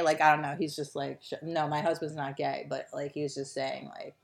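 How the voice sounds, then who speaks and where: A young woman co-hosting a casual podcast chat, rambling with lots of fillers and trailing off softly. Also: sits low, fairly even intonation, moderate pace, creaky, few pauses. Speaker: podcast co-host.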